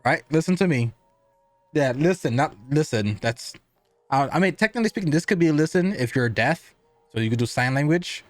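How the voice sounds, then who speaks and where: A man's voice: fairly high pitch, animated, a little fast, no room sound, soft background music. A man giving a casual cigar review, rambling and asking and answering his own questions.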